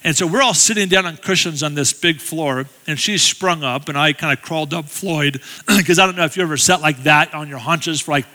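A man's voice: a little high, a little fast, pushed and bright, in a large hall. A middle-aged man giving a guest sermon in a church, telling a story in a chatty, self-deprecating way with humorous asides. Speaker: guest speaker. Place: church sanctuary.

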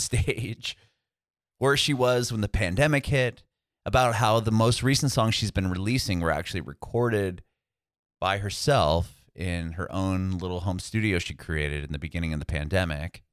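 A man's voice: fairly low pitch, fairly bright tone, dry recording, clean studio sound. A man hosting a podcast over a video call, upbeat and laid-back, calling things awesome and rad. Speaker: podcast host.

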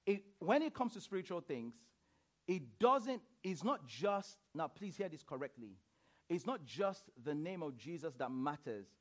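A man preaching a sermon in church, animated, laughing often and repeating phrases as he questions the congregation. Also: fairly high pitch, a little slow.

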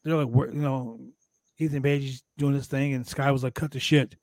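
A man hosting a casual wrestling recap show, talking in an animated, profane way and acting out quotes from the show. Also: medium pitch, brisk, no room sound. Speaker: podcast host recapping wrestling.

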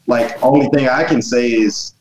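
A man's voice: mid-range voice, fairly even intonation, normal speed, a little mellow, reverberant, slight background noise, rough recording. A man from the United States, hosting a casual group discussion in long, rambling thoughts.

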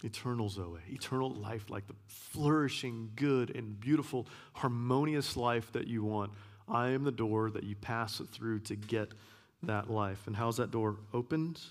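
A man giving a sermon as a guest preacher, earnest, repeating key phrases and sometimes dropping to a hush. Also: mid-range voice, measured pace. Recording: long hall reverb.

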